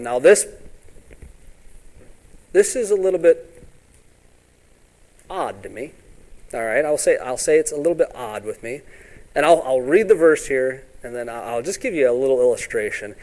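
A man preaching a sermon in a folksy way, often asking "all right?" and acting out Bible scenes in quick voices. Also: a little high, expressive, a little mellow. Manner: ends points with "all right?".

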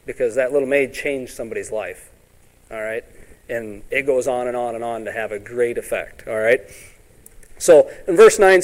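A man preaching a sermon in a folksy way, often asking "all right?" and acting out Bible scenes in quick voices. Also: medium pitch. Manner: ends points with "all right?".

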